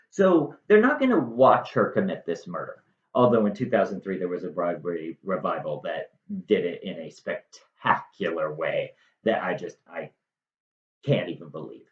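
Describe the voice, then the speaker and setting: A man retelling a classic play in a chatty, slangy way, with animated asides. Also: lowish voice, normal speed. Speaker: storyteller. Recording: dull echoey room.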